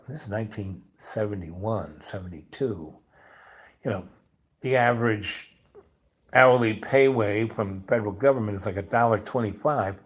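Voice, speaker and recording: A man's voice: on the low side, moderate pace, slightly rough. An older man from New York telling a personal story in a rambling, casual way, often saying "you know" and acting out the other people's lines. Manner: rambling, peppered with "you know", acts out dialogue.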